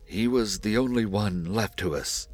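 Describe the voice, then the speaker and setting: A man's voice: lowish voice, measured pace, faint music behind, voice pushed up, close to an everyday voice. A man voicing an elderly father, insistent and later dazed, in a storybook reading. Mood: grieving. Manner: insistent, then dazed and gentle.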